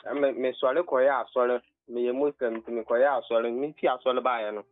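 A man's voice: medium pitch, steady tone, moderate pace. A man with a Ghanaian accent calling into a radio show and telling a personal story earnestly, stumbling and restarting. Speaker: caller. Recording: tinny phone line.

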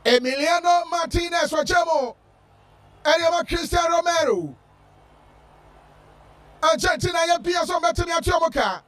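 A man giving shouted football commentary with a chanting, sing-song delivery. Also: very high-pitched, lively intonation, normal speed, long pauses, distant mic. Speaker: sports commentator.

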